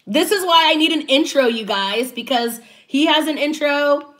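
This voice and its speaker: A woman's voice: high-pitched, normal speed, a bit bright. A woman giving casual, chatty commentary as a YouTuber, laughing often between her points.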